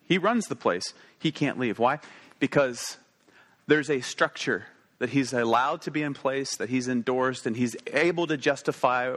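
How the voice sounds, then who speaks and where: Male preacher, thirties, mid-range voice; tells stories casually, then slows down hard on key lines. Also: medium pitch, fairly bright tone. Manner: conversational, swings between quick asides and slow emphatic pauses. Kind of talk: sermon storytelling.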